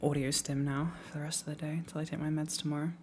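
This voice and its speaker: A young British woman from the UK chatting casually on a live stream, rambling and letting her phrases trail off quietly. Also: deep voice, little pitch movement, quick pace, a little hiss or hum.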